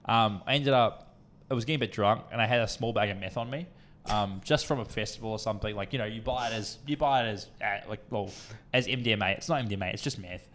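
A man's voice: fairly low pitch, fast talker, fairly bright tone. A young man, co-hosting a podcast and telling a long rambling story, full of swearing and acted-out quotes. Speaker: podcast co-host. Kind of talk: casual storytelling chat.

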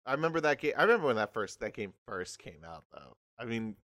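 A man's voice: medium pitch, very animated, fast talker, fairly bright tone, no echo. A man in his thirties in casual chat, griping with swearing and acting out what people said. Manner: exasperated, swears, acts out quotes.

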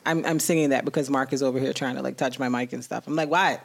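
A woman co-hosting a casual podcast chat, animated and playful, breaking into high sing-song bits. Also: fast talker, vocal fry. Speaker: podcast co-host.

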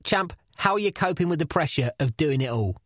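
A man's voice: a little high, animated, a little fast, no room sound, clean studio sound. An actor playing an earnest, polite male wrestling show presenter who stammers when flustered. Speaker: podcast host. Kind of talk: scripted comedy podcast. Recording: music playing underneath.

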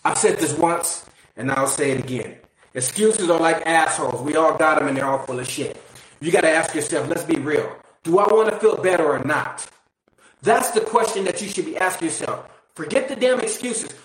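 A high-voiced man delivers a blunt motivational monologue, swearing casually and pressing the listener with direct questions. His voice bounces around a roomy, echoey space. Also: lively intonation, moderate pace. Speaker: motivational speaker. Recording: roomy echo.

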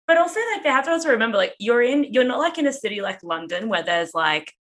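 A woman, co-hosting in quick, lively casual chat. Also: a little high.

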